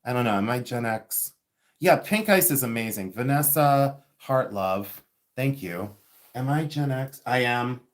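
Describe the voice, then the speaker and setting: He's an unhurried, expressive speaker with a medium-pitched voice. In his fifties and from Ohio, he runs a chatty, rambling livestream selling vintage jewelry, laughing a lot as he talks with his viewers.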